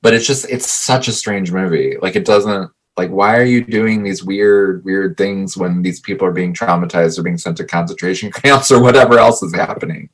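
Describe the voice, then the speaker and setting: A man's voice: low-pitched, normal speed, hardly any pauses. A man co-hosting a podcast, earnestly sharing opinions about a film in casual talk. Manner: earnest, opinionated, restarts mid-thought. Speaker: podcast co-host.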